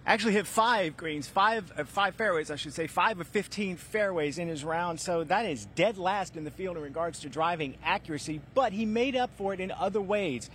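A man reporting live from a golf course, reeling off stats briskly and trading dry jokes. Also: sits high, fairly bright tone, a little hiss or hum. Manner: stat-heavy, brisk, dry joking. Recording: faint outdoor ambience.

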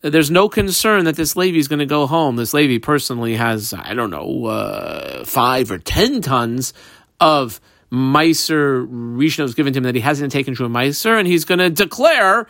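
A man's voice: mid-range voice, expressive, normal speed, fairly bright tone, no room sound, clean studio sound. A man teaching a text study class, reading each term aloud and then explaining it in plain words, step by step. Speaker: Talmud teacher.

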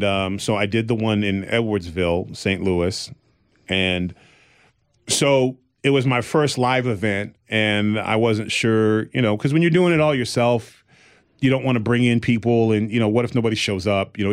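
A man with a fairly low voice swaps stories on a casual podcast. He rambles with restarts and fillers and acts out the people in his stories. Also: normal speed, smooth. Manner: animated storytelling, acting out the people he quotes. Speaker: comedian.

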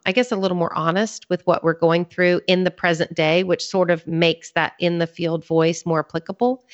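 A woman guest on a podcast, explaining her ideas earnestly and laying out her points one by one in a conversational way. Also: lowish voice. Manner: earnest, teaching, lays out points in a clear sequence. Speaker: podcast guest, author and ministry leader. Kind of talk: conversational interview talk. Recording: slightly dull lo-fi sound.

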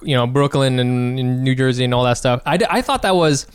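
A man co-hosting a comedy podcast, excitable and quick to laugh and swear in casual chat. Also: medium pitch, clear, resonant tone, no echo. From not from New York. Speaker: podcast co-host.

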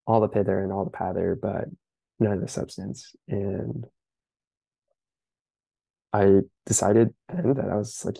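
A young man speaks in a low, gravelly voice with a dark, husky tone. He talks earnestly and reflectively, stopping often for fillers, and the sound is dry and close. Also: steady tone, moderate pace, pauses often, no room sound, poor audio. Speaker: interview guest. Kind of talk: candid personal account.

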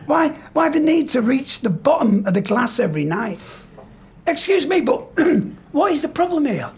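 A man playing a calm, preachy clown who is secretly a guardian angel, in a live stage play performed in a pub. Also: very high-pitched, normal speed. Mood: pleading. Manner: calm, preachy, gently teasing.

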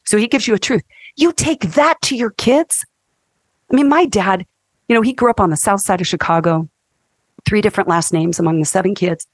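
A woman in her fifties, a counselor and guest, talking in an animated, emphatic teaching way on a faith-based podcast. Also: medium pitch, quick pace, dry recording, clean studio sound.

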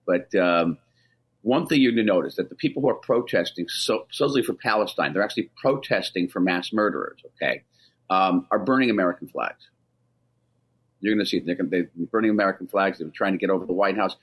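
This is a man with a husky, slightly low voice being interviewed on radio. He speaks with urgent insistence and frequently stops and restarts his sentences. He pushes every point hard. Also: lively intonation, fast. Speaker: ambassador, interview guest.

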